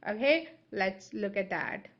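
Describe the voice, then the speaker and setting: A woman's voice: medium pitch, animated, unhurried, a bit bright, lo-fi sound. A woman teaching vocabulary in a video lesson. English is not her first language. She explains step by step and keeps checking in with "right?" and "okay?".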